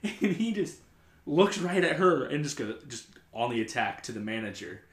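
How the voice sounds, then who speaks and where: A man of medium pitch talks at a normal speed in reverberant surroundings while hosting a podcast. He tells a story in loose, rambling chat, animated throughout and full of "like."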